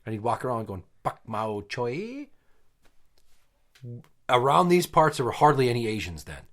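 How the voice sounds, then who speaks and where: A man's voice: medium pitch, sing-song, quick pace, a bit bright. A man in his thirties hosting a podcast, telling stories bluntly and swearing freely in casual chat. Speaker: podcast host.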